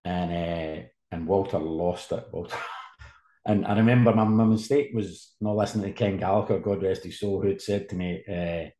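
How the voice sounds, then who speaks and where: A man in his fifties, a sports journalist guest, telling animated anecdotes in casual conversation. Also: deep voice, moderate pace. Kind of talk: casual storytelling. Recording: roomy echo.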